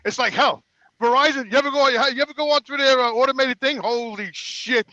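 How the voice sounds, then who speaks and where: High, bright older man ranting. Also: fast talker, lo-fi sound. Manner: profane, animated, pacing while talking. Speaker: podcast regular calling in. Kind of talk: casual ranting storytelling.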